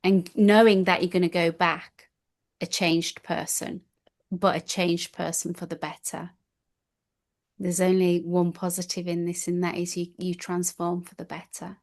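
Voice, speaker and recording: A woman's voice: on the low side, level tone, unhurried. A woman attending a retreat and sharing her experience in an interview, speaking in a heartfelt, gushing way with many restarts. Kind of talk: reflective interview answers.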